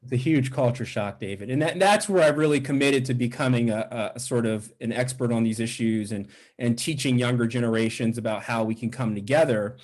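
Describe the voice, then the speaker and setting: A man's voice: medium pitch, a little fast, hardly any pauses. A middle-aged man, a professor as interview guest, telling stories animatedly and acting out the voices of people he quotes. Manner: animated, acts out quoted voices, frequent restarts. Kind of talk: conversational storytelling interview.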